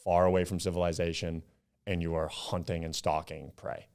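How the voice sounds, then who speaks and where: A young man from Upstate New York, a podcast guest, chatting casually and acting out his stories with animated quotes and some swearing. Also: deep voice, normal speed, clear, resonant tone. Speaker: podcast guest, club founder.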